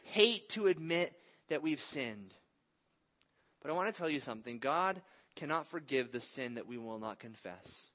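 A man's voice: medium pitch, lively intonation, moderate pace, pushed and bright. A man in his thirties preaching a sermon in an earnest, conversational way, mixing in stories about his family. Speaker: pastor.

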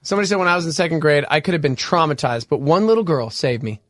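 A man's voice: fairly high pitch, animated, very fast, a bit bright, no room sound, studio quality. A man co-hosting a morning radio show, joking and reading out listener texts in casual banter. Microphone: studio microphone.

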